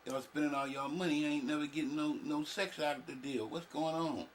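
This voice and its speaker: A man's voice: on the high side, fairly even intonation, fairly quick. Brief: male reaction host, crude and joking, faint hiss behind. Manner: loud, joking, crude, talks back at the clip. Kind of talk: profane casual commentary over a clip.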